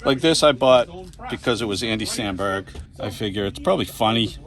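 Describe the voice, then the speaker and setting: A man chatting casually in a comic book shop, rambling and animated, laughing often. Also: on the low side, a little fast. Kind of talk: casual chat.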